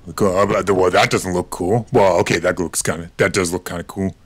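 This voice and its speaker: A man's voice: sits low, fairly even intonation, normal speed, slightly rough. A man giving casual, rambling commentary while playing a video game, swearing now and then. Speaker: gaming video creator. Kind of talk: casual let's-play commentary.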